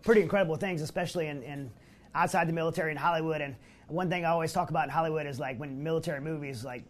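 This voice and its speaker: Fast-talking man hosting an interview. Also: fairly high pitch, a little hiss or hum. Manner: rambling, quick questions with fillers. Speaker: podcast host. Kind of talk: casual interview chat.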